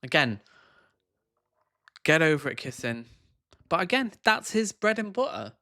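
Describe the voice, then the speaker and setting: A man's voice: fairly high pitch, very animated, measured pace, sharp tone, dry recording, clean studio sound. A man giving reaction commentary on video clips, scornful and sarcastic in his asides.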